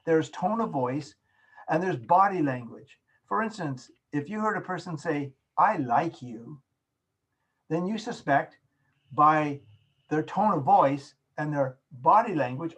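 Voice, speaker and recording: A man teaching a course over a video call, explaining slowly and illustrating points with everyday examples. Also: a little high, breathy edge, poor audio. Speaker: course instructor. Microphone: video call microphone.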